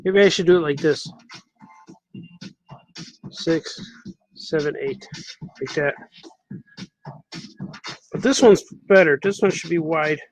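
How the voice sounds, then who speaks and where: A man's voice: on the high side, slow, pauses often, dry recording, soft background music, poor audio. A man, a cartoonist, chatting casually on a live stream while he draws, repeating himself as he works.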